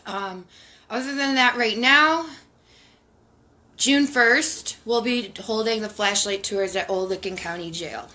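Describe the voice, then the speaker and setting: A woman's voice: medium pitch, slow pace, sharp tone. A woman co-hosting a live online paranormal show, chatting casually and rambling with fillers. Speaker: co-host. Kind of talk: casual live-stream chat. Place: hot apartment.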